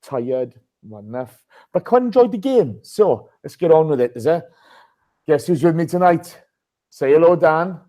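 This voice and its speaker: A man's voice: a little high, expressive, moderate pace, dark tone, rough recording. A man hosting a casual live podcast, chatting and greeting listeners by name. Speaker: podcast host.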